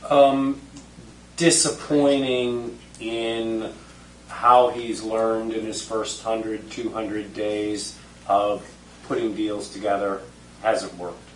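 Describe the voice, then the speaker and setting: A man in a focus group giving a drawn-out, deliberate opinion. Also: on the low side, flat delivery. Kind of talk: considered opinion in group discussion. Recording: roomy distant recording with faint noise.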